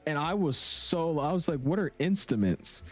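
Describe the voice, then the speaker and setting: A man's voice: on the high side, lively intonation, normal speed, soft background music. A young man chatting casually with viewers on a live stream, slangy and talkative. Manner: chatty, slangy, reads chat aloud. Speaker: flight sim streamer.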